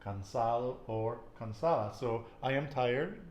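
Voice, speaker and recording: A man's voice: medium pitch, measured pace, a little mellow, slight background noise. Man, Spanish teacher, patient quizzing, casual lesson, echoey room.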